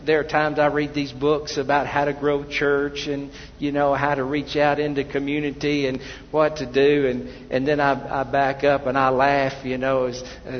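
A man's voice: medium pitch, long reverb tail, muffled recording, a little hiss or hum. A man preaching a sermon in a church, talking conversationally, telling personal stories and often restarting his sentences. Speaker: pastor.

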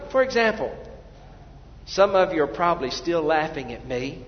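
A man preaching a sermon as pastor, animated, swinging between loud urging and hushed asides. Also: a little high, normal speed, slight background noise. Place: church sanctuary. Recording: dull, reverberant church hall.

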